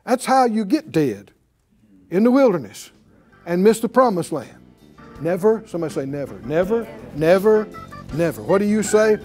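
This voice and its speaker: A man preaching in a classroom style, his voice pitched high and swinging widely. He drives each point hard and keeps asking the class to answer back. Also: sing-song, moderate pace, warm tone, soft background music. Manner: emphatic, calls for responses from the class. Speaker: Bible teacher.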